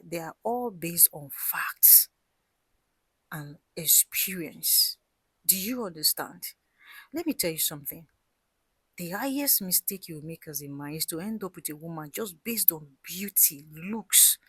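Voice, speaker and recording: Husky-voiced woman telling a cautionary tale. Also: on the low side, a bit bright, no echo. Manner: earnest and emphatic, dropping to a whisper for stress; addresses listeners directly, repeats words for emphasis. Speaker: storyteller giving relationship advice. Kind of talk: storytelling monologue with life advice.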